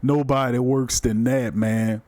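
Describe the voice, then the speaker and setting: A man hosting a live sports podcast in casual chat, loose and animated as he reads viewer comments aloud. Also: medium pitch, a little slow, dry recording. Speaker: podcast host.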